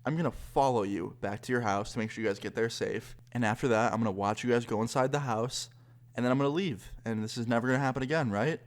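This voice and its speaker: A man voicing a calm, firm male police officer who lectures in measured sentences. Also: medium pitch, close to an everyday voice. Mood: stern.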